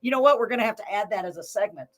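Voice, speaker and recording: A woman's voice: medium pitch, rapid-fire. A woman hosting a live show, folksy and gushing, laughing often. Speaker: host. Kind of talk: casual live show chat.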